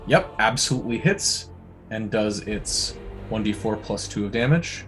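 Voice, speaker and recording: A man's voice: on the low side, lively intonation, unhurried, a bit bright. A man running a tabletop game as game master, narrating casually with lots of fillers. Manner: casual, descriptive, many fillers. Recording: music behind the voice.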